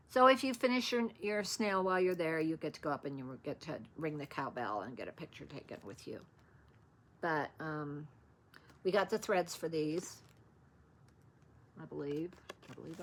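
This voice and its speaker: A woman's voice: low-pitched, moderate pace, pauses often. A woman vlogger chatting casually about her stitching patterns, rambling and interrupting herself as she searches. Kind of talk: casual show-and-tell chat.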